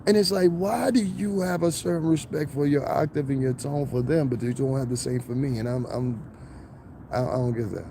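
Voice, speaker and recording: Middle-aged New York man, profane, animated live-stream talker; mellow, mid-pitched voice. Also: fairly quick, vocal fry, a little hiss or hum. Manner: animated, profane, slips into mocking impressions. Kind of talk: casual live-stream rant. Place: outdoors in falling snow.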